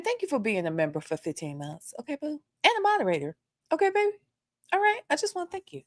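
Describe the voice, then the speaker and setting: A woman's voice: sits high, a bit bright, no room sound, clean studio sound. A woman hosting a casual gossip livestream, playfully teasing and greeting her chat viewers one by one.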